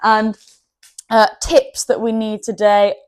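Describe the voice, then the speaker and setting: A woman's voice: fairly high pitch, level tone, slow pace, smooth. A woman hosting an art channel, giving a chatty drawing tutorial and laughing at herself now and then.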